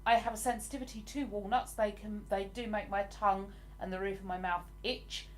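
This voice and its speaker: A woman's voice: mid-range voice, fairly even intonation, brisk, slight background noise. A young woman, chatting casually on a home live stream as she reads out viewer comments, rambling a little with plenty of ums. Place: at home in a living room.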